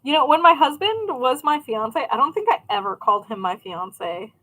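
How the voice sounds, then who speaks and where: A woman's voice: sits high, animated, normal speed, sharp tone, rough recording. A young woman hosting a crafting livestream, chatting casually and answering viewers' questions as she goes. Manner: chatty, rambling, reads and answers chat. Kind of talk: casual chat with live viewers.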